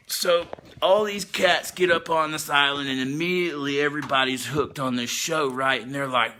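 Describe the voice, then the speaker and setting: A man's voice: a little high, unhurried, pushed and bright, slight background noise. A man telling a rambling, profane comic recap in a laid-back way, with laughing asides. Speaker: storyteller.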